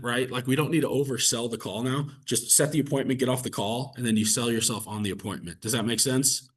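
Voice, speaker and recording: A man coaching real estate agents through cold-call script practice, casual and energetic, peppering his talk with "like" and "right?". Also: mid-range voice, quick pace, hardly any pauses, slightly rough. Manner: energetic, conversational, fillers like "like" and "right?". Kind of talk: coaching session with role-play practice.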